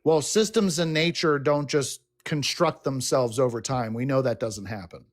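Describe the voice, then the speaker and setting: A man's voice: mid-range voice, normal speed. A man calling into a debate stream, confident and argumentative as he explains his view. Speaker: caller. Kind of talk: casual debate.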